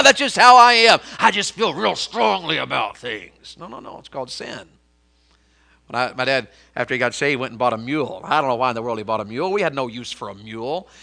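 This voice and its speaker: A middle-aged man preaching a sermon, telling homespun stories and swinging from loud emphasis to quiet intensity. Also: mid-range voice. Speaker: pastor.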